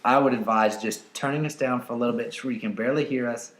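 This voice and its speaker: A man's voice: medium pitch, steady tone, fast talker, a bit bright. A young man co-hosting a podcast in casual chat, teasing and mock-boastful. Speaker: podcast co-host. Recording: echoey room.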